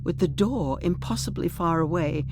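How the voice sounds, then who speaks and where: A woman reading a short story aloud in a measured, expressive storytelling manner. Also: fairly low pitch, creaky, noisy background. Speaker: audiobook narrator.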